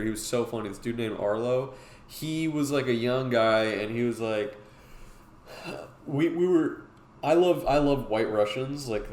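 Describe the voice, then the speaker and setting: Rambling man streaming a drawing lesson. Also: fairly low pitch. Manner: casual, rambling, lots of fillers. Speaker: streamer and artist teaching drawing. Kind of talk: live-stream drawing tutorial chat. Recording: roomy with faint noise.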